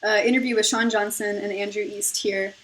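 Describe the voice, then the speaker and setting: A woman's voice: mid-range voice, steady tone, a little fast, fairly bright tone. A woman hosting her own video, commenting casually on an interview clip, thinking aloud and giggling between guesses. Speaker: video host analyzing personality types.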